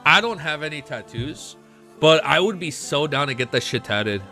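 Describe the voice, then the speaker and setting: An excitable man chatting on a casual livestream, his pitch leaping up and down as he talks. His voice is bright and forceful, and faint music plays underneath. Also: normal speed. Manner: excitable, swears freely, jumps between high and low pitch. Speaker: livestream host. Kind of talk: casual stream chat.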